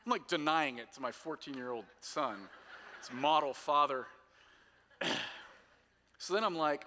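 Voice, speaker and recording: A man in his forties delivering a sermon in a relaxed, self-deprecating storytelling way. His voice is bright and forward, and it rings out with a long reverb, as if in a large hall. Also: on the high side, unhurried, long pauses. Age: 40s. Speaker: pastor.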